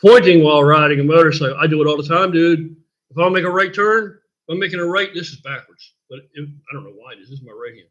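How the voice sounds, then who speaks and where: An older American man hosts a casual live stream, rambling bluntly and profanely while answering viewer questions. His voice runs on the high side, fast and a bit bright, over dull lo-fi stream audio.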